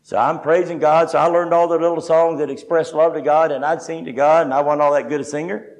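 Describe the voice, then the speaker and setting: A man's voice: a little high, fairly even intonation, fast talker, darkish tone, low-quality recording. An older man preaching a sermon, telling his own story in a folksy, humorous way. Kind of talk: sermon teaching with personal testimony.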